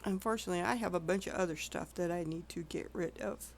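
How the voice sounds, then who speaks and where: A woman's voice: fairly low pitch, fast talker, faint music behind. A woman streaming an online game, chatting casually and rambling with frequent self-corrections. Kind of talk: casual gameplay commentary.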